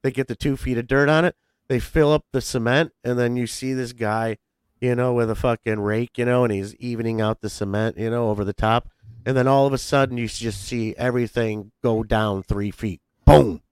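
A man co-hosting a podcast, rambling through a story with lots of cursing and bursts of excitement. His mid-pitched voice is smooth and clear. It is recorded close, with a dry sound. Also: fairly quick, no echo. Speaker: podcast co-host. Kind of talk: casual chat.

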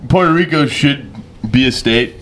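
A man's voice: mid-range voice, normal speed, a bit bright, slight background noise. A man hosting a casual talk show, asking teasing questions and laughing often. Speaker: host. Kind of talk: casual chat.

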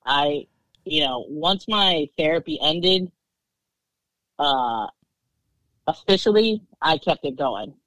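A woman's voice: low voice, expressive, slow pace, pauses often, fairly bright tone, no echo, rough recording. A woman with a Southern US accent chats as a podcast guest. She talks loosely, with plenty of "um" and "you know", and laughs often. The sound is close and dry, with no room around it. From Maryland. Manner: chatty, laughs often, lots of fillers. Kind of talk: casual interview chat.

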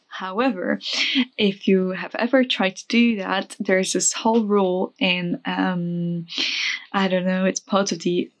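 A young woman recounting a story for her vlog in a loose, chatty way. She talks with lots of ums, restarts and asides. Her voice sits at an ordinary middle pitch for a woman. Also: a little slow. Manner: chatty, animated retelling with many fillers and restarts.

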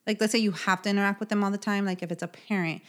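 A woman's voice: mid-range voice, rapid-fire. Earnest woman podcast co-host. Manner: earnest, animated storytelling with many restarts. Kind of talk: casual chat.

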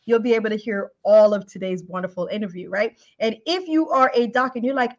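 A woman hosting a podcast interview, effusive and animated, piling on praise words. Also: on the high side, brisk, highs cut off. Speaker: podcast host.

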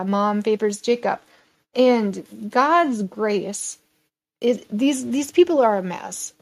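A woman's voice: medium pitch, a little mellow. A woman reading scripture aloud and then teaching a casual Bible lesson in an earnest, conversational way.

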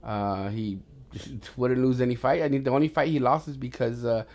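A man in the middle range of pitch for his sex, telling stories to his son in a rambling, profane, casual way. He restarts his sentences often and grows loud and animated as the action builds. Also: moderate pace. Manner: rambling, with many restarts and swearing. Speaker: podcast host talking with his son. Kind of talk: casual storytelling chat.

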